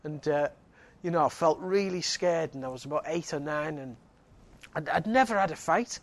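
A man's voice: on the high side, normal speed. A man, preaching a sermon and telling a personal story with laughter and frequent restarts. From Northeast England.

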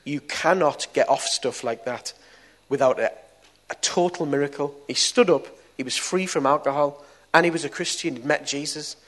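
A middle-aged man preaches to a gathering. He tells a personal story, and his voice moves between quiet, confiding passages and sudden loud bursts. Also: fairly high pitch, moderate pace. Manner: storytelling, swings from soft to loud. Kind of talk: testimony sermon.

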